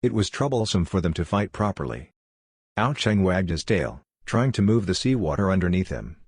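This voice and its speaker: A man reading a fantasy audiobook as narrator in a steady, even storytelling delivery. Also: deep voice, slightly rough, no echo, studio quality. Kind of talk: scripted narration.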